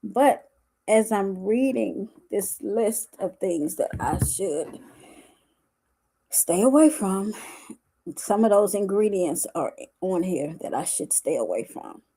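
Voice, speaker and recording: A woman, talking live to her viewers as a wellness coach, emotional and tearful, with halting restarts. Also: mid-range voice, animated, dark tone, slightly rough. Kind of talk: live-stream vlog.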